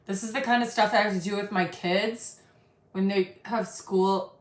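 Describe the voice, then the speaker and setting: A woman's voice: mid-range voice, fairly even intonation, moderate pace, echoey room. A woman in her thirties giving casual reaction commentary, blunt and sarcastic, swearing freely and telling personal stories. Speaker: reaction video host.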